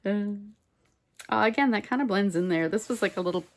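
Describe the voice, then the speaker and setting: A woman chatting casually while she makes a collage at home, rambling and muttering softly to herself as she works, recorded on a phone on a mount. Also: mid-range voice, racing. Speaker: collage artist. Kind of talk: casual crafting chat. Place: home craft table, indoors.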